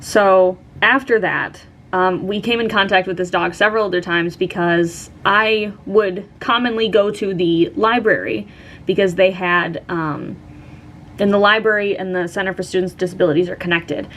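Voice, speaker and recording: A woman's voice: mid-range voice, normal speed, fairly bright tone. A young woman vlogger casually telling a story, chatty and full of "like" and "um". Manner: chatty, lots of "like" and "um".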